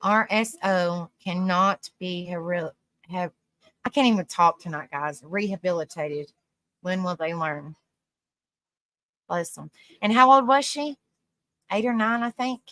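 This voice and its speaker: A woman's voice: fairly low pitch, unhurried, long pauses, fairly bright tone, no room sound. A woman hosting a casual livestream, reading viewers' comments aloud, laughing often and rambling through restarts, calling people honey and sweetie. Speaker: live stream host.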